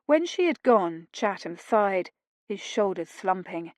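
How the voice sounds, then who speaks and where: A woman reading a romance audiobook in steady, measured scripted narration on a close mic. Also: medium pitch, no room sound.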